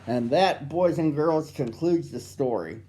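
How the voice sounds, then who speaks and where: A man's voice: a little high, measured pace, warm tone, roomy sound. A man reading a storybook aloud expressively for children.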